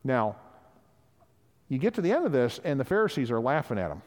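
A male pastor delivers a sermon in a relaxed, conversational way. He slips into the voices of the people he quotes as he teaches. His voice sits at an ordinary pitch, and a long reverb from the hall trails behind it. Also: fairly quick.

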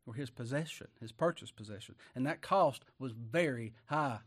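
Speaking at normal speed with a medium-pitched voice, this man preaches in a folksy style. His delivery swings from booming proclamations to hushed asides, punctuated by frequent chuckles and simple, homespun phrasing.

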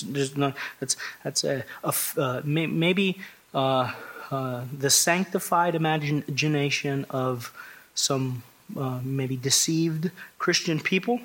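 Husky preacher giving an emphatic sermon. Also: male voice, fairly high pitch, a bit bright. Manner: emphatic, conversational preaching with frequent restarts and rhetorical questions. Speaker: pastor. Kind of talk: expository sermon.

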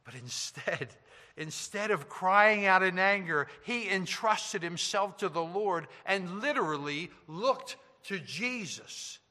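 A man preaching a sermon, swinging between loud emphasis and hushed, quiet passages. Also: high-pitched, expressive, slow pace, big-room sound. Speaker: pastor.

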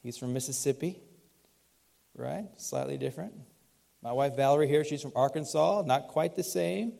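A man's voice: a little high, moderate pace, gravelly, warm tone. A male pastor with a mixed Southern US accent, preaching a sermon in a church in a conversational way with light asides. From Southern United States. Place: church sanctuary.

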